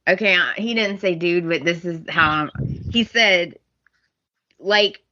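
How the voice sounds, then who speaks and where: Slow-talking woman, bright tone. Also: fairly low pitch, muffled recording. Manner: animated, acts out characters' lines, laughs often. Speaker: podcast co-host. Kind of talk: casual chat recapping a soap opera.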